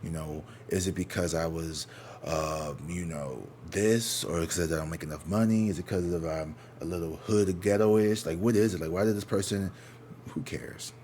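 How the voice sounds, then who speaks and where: A man with a slightly low voice talks through a tarot reading from his living room. He rambles, curses without a filter and doubles back mid-sentence. When he quotes people, he jumps into exaggerated, mocking voices. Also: fairly even intonation, moderate pace, darkish tone, a little hiss or hum. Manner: candid and profane, rambling with many restarts. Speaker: tarot reader. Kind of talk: casual tarot reading with storytime.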